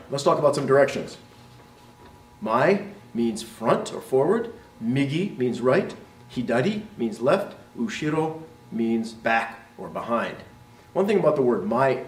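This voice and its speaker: A man teaching as a martial arts instructor, explaining terms and modeling their pronunciation, often checking with "right?". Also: mid-range voice. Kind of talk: instructional talk to camera. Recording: roomy, voice from a distance.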